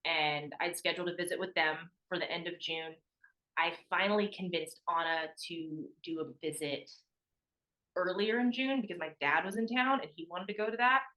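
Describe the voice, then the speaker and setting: With a lowish, sharp voice at a moderate pace, this young woman, an ex-college athlete, tells stories as a podcast guest in lo-fi sound. The interview is casual; she's chatty, uses "like" a lot, and performs other people's voices.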